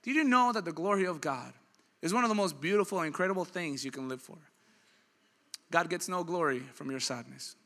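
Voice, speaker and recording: Brisk and lively in intonation, this thirtysomething pastor's high, tense, very bright voice carries a dynamic sermon. He plays the characters in his stories, building from hushed narration up to loud, forceful climaxes.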